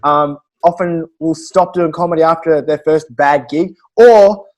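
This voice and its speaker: Australian man, comedian guest, high voice, animated rambling stories, casual chat. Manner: animated, fast anecdotes with laughs and restarts. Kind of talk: casual storytelling.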